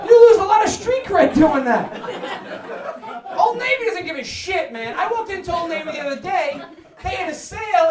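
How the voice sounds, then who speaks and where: A stand-up comic who swears freely and punches his lines with loud bursts. His voice sits high for a man. He is recorded from a distance in an echoey apartment, with a crowd laughing around him. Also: normal speed. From United States. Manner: energetic, profane, loud punchy outbursts. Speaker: stand-up comedian. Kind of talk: stand-up comedy set. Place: New York apartment with live audience. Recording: echoey room, mic at distance, audience laughter.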